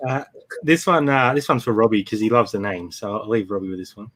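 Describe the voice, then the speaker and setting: A laid-back Australian man co-hosts a live reselling stream, chatting casually and reading names out from the chat. His voice is lowish and fairly bright, and he talks fairly quickly.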